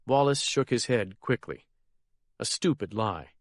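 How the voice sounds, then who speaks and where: An audiobook narrator, a man with a medium-pitched voice, reads a crime thriller in steady, measured scripted narration. The recording is clean studio sound with no room noise.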